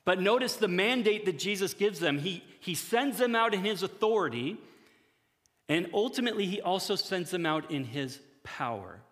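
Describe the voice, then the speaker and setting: A male pastor giving a conversational sermon to his church, often acting out quick imagined dialogues. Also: sits high, lively intonation, fairly bright tone, in a large hall.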